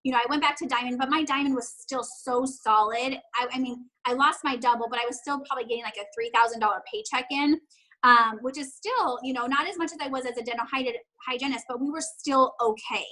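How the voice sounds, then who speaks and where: A woman in her thirties, a guest talking casually and quickly in an interview, full of fillers. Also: high voice, bright, forceful tone, low-quality recording. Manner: fast, chatty, full of "like" fillers. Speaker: guest, network marketing distributor.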